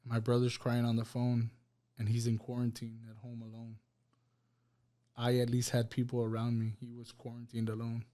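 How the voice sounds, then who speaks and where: A man telling a personal testimony on a podcast, halting and repeating words as he recounts what happened. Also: mid-range voice, monotone, warm tone. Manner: halting, repeats words, quotes others in plain voice. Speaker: guest sharing a personal testimony. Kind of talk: emotional personal storytelling. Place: podcast studio.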